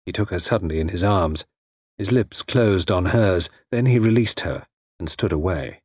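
A man's voice: sits low, lively intonation, moderate pace, a little mellow, husky, no room sound, clean studio sound. A man narrating a story as an audiobook, reading expressively with a wry tone.

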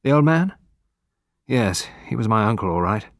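A man voicing a blunt, flustered young man who speaks in a brisk, offhand, clipped way. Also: fairly low pitch, sing-song, dry recording, clean studio sound.

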